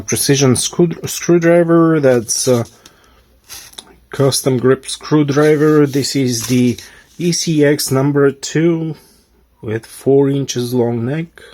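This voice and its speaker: A man giving a casual product review in halting, short fragments with pauses. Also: mid-range voice, a little mellow. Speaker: tool reviewer.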